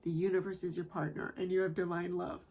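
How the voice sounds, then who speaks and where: A woman giving a collective tarot reading in a soft, emotional way, often repeating phrases and checking in with the listener. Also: on the low side, little pitch movement, fast. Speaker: tarot reader. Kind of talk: gentle spoken tarot reading.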